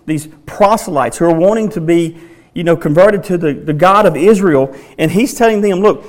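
A man delivers a sermon in a noticeably high voice. He works through scripture passages and repeats key questions with dramatic, drawn-out emphasis. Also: a little mellow. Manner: emphatic, dramatic rereading of quoted lines. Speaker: pastor.

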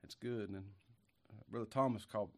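A pastor preaching a folksy sermon while sick with a cough and short of breath, moving from quiet musing to loud emphatic lines. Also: male voice, on the low side, brisk.

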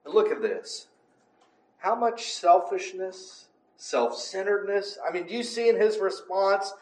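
A high-pitched man, talking a little slowly, teaches from the Bible in a conversational way. He is emphatic and repeatedly looks for agreement with "right?" and "amen?", and the sound echoes in the room.

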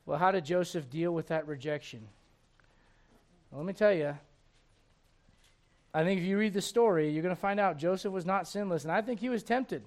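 Animated, folksy man preaching a sermon. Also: sits high, moderate pace, long pauses. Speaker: pastor.

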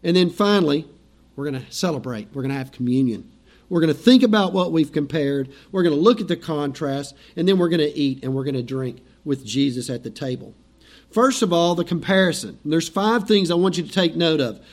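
A middle-aged male pastor preaches a sermon in a conversational, storytelling style, acting out the lines of biblical figures. His voice is a little high, expressive and brisk.

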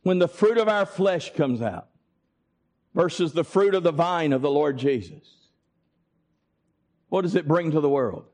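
A man preaching a sermon, emphatic and deliberate, with dramatic pauses. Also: fairly high pitch, animated, darkish tone.

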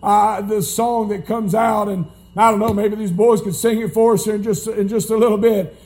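A male pastor, preaching a folksy, emphatic sermon that climbs to shouts, recorded live in church. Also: sits high, little pitch movement, moderate pace.

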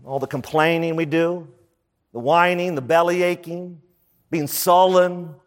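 A man's voice: on the high side, fairly even intonation. Preaching man in a reverberant hall. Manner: conversational preaching with quick asides. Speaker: pastor. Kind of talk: sermon.

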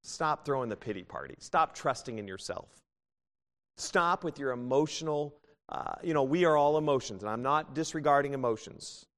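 A man in his thirties preaching a sermon as pastor, swinging between fervent, rising bursts and hushed, tender pleas. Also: medium pitch, animated, moderate pace. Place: church sanctuary. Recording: long church reverb.

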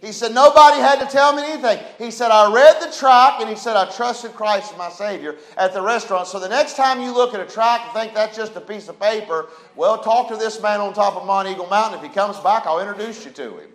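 A man's voice: sits high, a little fast, few pauses, rough recording. A man, a pastor preaching a sermon to his church, building emphasis and calling for responses. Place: church sanctuary.

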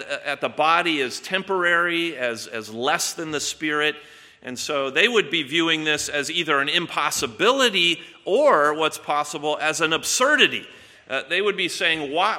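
A man delivers an expository sermon with earnest emphasis, doubling back on words as he presses each point. His voice is bright and sharp, in a hall with a long reverb tail. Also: on the high side. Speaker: pastor.

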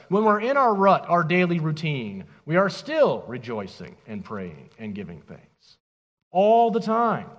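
A man preaching a sermon as pastor, emphatic and animated, asking the congregation rhetorical questions. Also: sits high, in a large hall. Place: church.

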